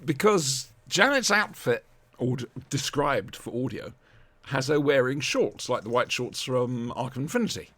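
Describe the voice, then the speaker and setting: A man hosts a casual podcast chat, his pitch swinging widely as he talks. He is jokey and rambling, cracking asides between points. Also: big pitch swings, unhurried, a bit bright. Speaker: podcast host.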